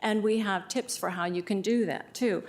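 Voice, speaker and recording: A woman's voice: medium pitch, moderate pace. A woman giving passionate, exasperated public testimony at a county hearing.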